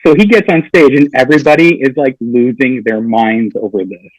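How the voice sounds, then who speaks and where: A man's voice: mid-range voice, brisk, no room sound, rough recording. A man telling a funny story on a podcast, acting out the lines of the people in it. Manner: animated storyteller acting out quotes. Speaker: comedian guest.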